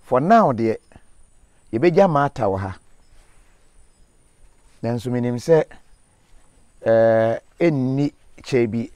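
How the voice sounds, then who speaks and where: A man's voice: medium pitch, lively intonation, slow pace, long pauses, mellow, dry recording. A man hosting an interview outdoors, talking casually with encouraging, preacher-like asides. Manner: casual, preaching asides, switching between languages. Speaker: host. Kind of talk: field interview. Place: outdoors in a forest.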